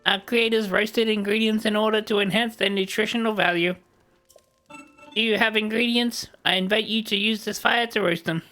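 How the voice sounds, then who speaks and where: A stiff, courteous robot construct with a buzzing, gravelly rasp, as a game streamer puts it on. It explains things in careful, formal sentences, like a guide built to help newcomers. A little music plays faintly under it. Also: mid-range voice, steady tone, moderate pace, bright, forceful tone, natural voice. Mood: polite formal. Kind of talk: reading a game character's lines aloud.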